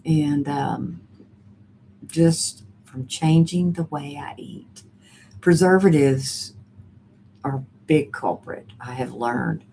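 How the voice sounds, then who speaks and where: Low-voiced, slow, rambling woman host. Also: dark tone, slight background noise. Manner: rambling and chatty, with many fillers and restarts. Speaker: host of a live chat stream. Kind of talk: casual live-stream chat, reading viewer comments.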